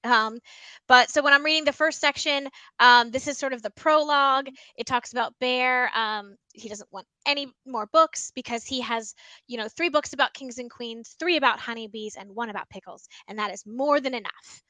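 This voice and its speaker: A woman's voice: on the high side, normal speed, sharp tone, no room sound, rough recording. A woman librarian giving casual teaching tips about reading picture books aloud, chatty and full of ums. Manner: chatty, many ums, explains by example. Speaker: school librarian.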